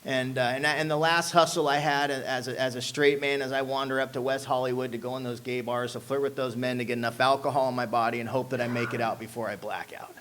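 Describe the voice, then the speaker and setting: A man's voice: mid-range voice, little pitch movement, quick pace, hardly any pauses, a bit bright. A man giving a personal testimony talk to an audience. He tells his recovery story emphatically and keeps dropping "man" and "you know what I'm saying". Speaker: speaker sharing a recovery story.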